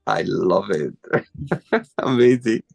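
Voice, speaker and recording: Gravelly-voiced enthusiastic male host. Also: lowish voice, expressive, slow pace, darkish tone, soft background music. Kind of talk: interview hosting.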